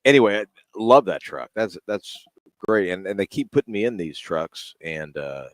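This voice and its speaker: A deep-voiced man talks up trucks on a radio show. His speech is relaxed and full of little fillers. The sound is dry and close-miked. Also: normal speed, no room sound. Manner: easygoing, hesitant, filler-heavy. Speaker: car dealership representative on radio. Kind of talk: casual radio chat and sales pitch.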